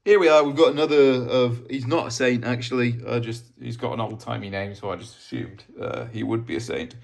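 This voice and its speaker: Man, casual vlogger, rambling, self-deprecating, lots of ums, mid-pitched voice. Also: a little fast, vocal fry. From Wales. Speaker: vlogger showing his map collection. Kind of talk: casual rambling show-and-tell.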